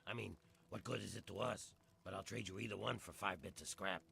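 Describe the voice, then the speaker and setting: Gravelly world-weary ghoul. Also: male voice, low-pitched, fairly even intonation, brisk, heavy background noise. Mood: drawling. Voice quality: gravelly, rough voice. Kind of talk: video game dialogue.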